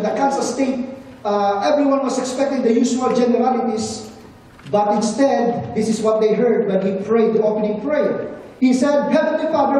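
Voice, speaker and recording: Preacher in a booming echoey hall. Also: mellow. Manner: earnest, asks the congregation questions. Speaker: pastor. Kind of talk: sermon. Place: church service in a large hall. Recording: very echoey hall, distant mic, faint noise.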